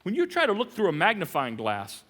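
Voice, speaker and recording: Animated, bright-voiced male preacher. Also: sits high, brisk, in a large hall. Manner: animated, jokey preaching with sudden loud emphasis. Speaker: pastor. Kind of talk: sermon. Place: large church hall.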